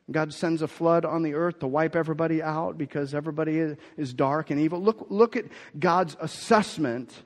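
A man preaching a sermon as pastor, emphatic, his force swelling and then dropping low. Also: darkish tone. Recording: long hall reverb.

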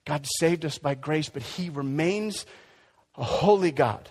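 A man preaching a sermon in an emphatic, conversational way, swinging between loud and quiet. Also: on the high side, animated, measured pace, slightly rough. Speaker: pastor. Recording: long hall reverb.

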